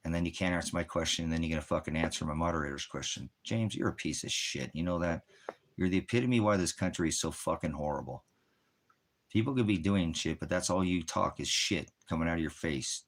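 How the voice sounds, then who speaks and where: Deep american guy on a ministry livestream, cussing out people in chat, real heated. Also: fairly bright tone. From United States. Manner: angry, profane, berating chat viewers. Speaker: military veteran. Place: out in the desert.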